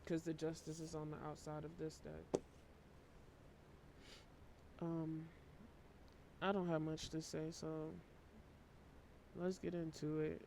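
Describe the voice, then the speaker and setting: A worn-out man giving a casual tarot reading to camera, talking in a flat, low-energy monotone and swearing casually. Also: takes it slowly, gravelly, pauses often, background noise. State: emotionally worn out. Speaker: tarot reader.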